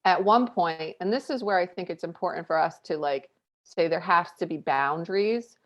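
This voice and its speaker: Candid mom telling a family story. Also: female voice, lowish voice, moderate pace. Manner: candid, animated storytelling with frequent "like" fillers. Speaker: podcast co-host. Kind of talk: casual podcast chat. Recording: dull lo-fi audio.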